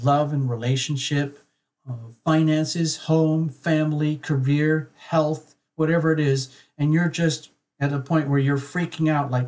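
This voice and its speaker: A man giving a live-streamed tarot reading, speaking straight to one viewer in a reassuring way and acting out her worried thoughts. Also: fairly high pitch. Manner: reassuring, addresses viewer by name, acts out worried voices. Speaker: tarot reader.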